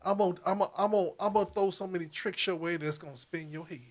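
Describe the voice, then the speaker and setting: A man's voice: high voice, fast talker, close to an everyday voice. A man putting on a sly, sweet-talking Southern schemer. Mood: sweetly menacing. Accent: Southern US, put on.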